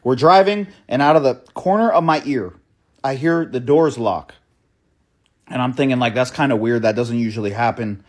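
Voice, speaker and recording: A young man telling a story in a casual, profane way, often asking "right?" and calling the listener "bro". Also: mid-range voice. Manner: fast, breathless storytelling with many restarts. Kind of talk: storytime monologue.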